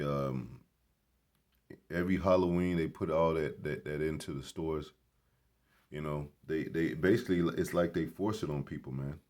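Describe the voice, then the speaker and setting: Very deep-voiced man ranting casually. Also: a little mellow. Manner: emphatic, preachy, blunt with swearing. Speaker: vlogger. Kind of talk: casual rambling commentary. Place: grocery store.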